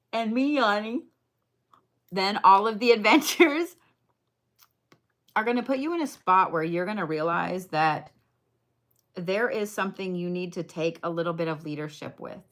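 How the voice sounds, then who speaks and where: A woman's voice: lowish voice, a bit bright. A woman doing a casual livestream card reading, blunt, chatty and full of swearing as she talks to viewers.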